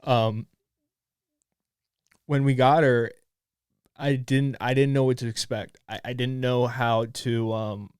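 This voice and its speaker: Choked-up young man, halting. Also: medium pitch, flat delivery, a little mellow, smooth, no echo, studio quality. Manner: halting, emotional, many restarts and swearing. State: choked up, near tears. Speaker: podcast host. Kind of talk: casual solo podcast monologue.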